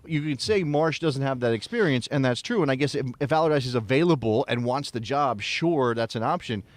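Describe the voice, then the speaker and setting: A man co-hosting a soccer podcast, talking through a casual sports debate in an animated way, with frequent restarts and sudden jumps in pitch. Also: brisk, no room sound. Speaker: podcast co-host.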